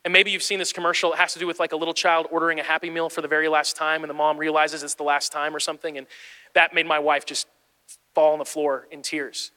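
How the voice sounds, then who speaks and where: A man in his thirties preaches with a high, bright voice, moving from easy storytelling to urgent, animated exhortation. His words ring out with a long hall reverb around them. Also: quick pace. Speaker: pastor. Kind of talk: sermon.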